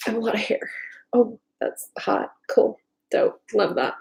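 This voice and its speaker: A woman's voice: on the high side, lively intonation, a little slow, vocal fry, darkish tone. A woman from Tennessee chatting casually on a live stream from her home kitchen, rambling and swearing freely with lots of filler words. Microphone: desktop computer mic.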